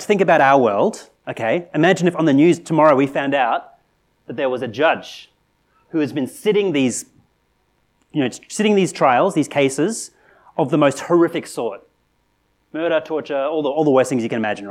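A man preaching a sermon in a conversational, earnest way, asking rhetorical questions and rising to animated emphasis. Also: fairly high pitch. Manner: conversational with frequent restarts and "right?".

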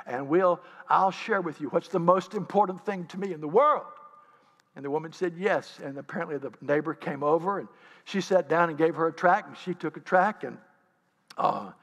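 A man preaching a sermon, telling stories and acting out the scenes with lively animation. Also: high-pitched, big-room sound. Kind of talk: sermon storytelling.

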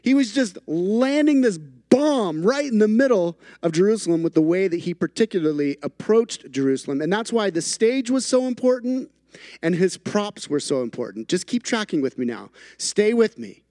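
High-voiced emphatic male preacher. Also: very animated, moderate pace, warm tone, no room sound, studio quality. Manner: emphatic, builds through repeated phrases with playful asides. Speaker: pastor. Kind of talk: sermon.

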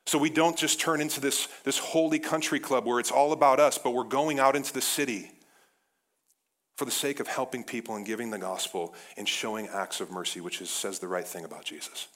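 Man, pastor, energetic casual sermon, mid-pitched voice, conversational fillers. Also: brisk. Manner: energetic, casual, with frequent "like" and "guys".

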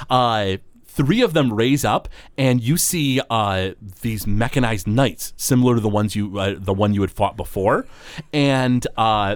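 Man, game master, lively, rambling, dry close mic. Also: lowish voice, no echo. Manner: rambling, many fillers. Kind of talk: narrating a tabletop game.

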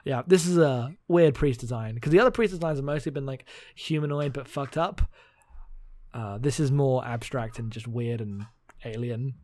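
A man's voice: medium pitch, a little mellow, dry recording. A man co-hosting a casual podcast, chatting and laughing as he recaps a comic book. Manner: chatty, laughing, reads lines in quick voices. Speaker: podcast co-host.

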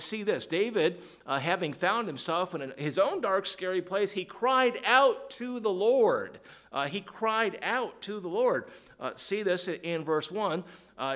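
A man preaching a sermon, halting with fillers and restarts, then rising to fervent emphasis when quoting scripture. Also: a little high, a bit bright.

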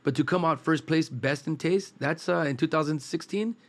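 A man from East Los Angeles, a food truck cook, telling rambling anecdotes in a relaxed, casual chat. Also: on the high side, moderate pace. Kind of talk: casual storytelling.

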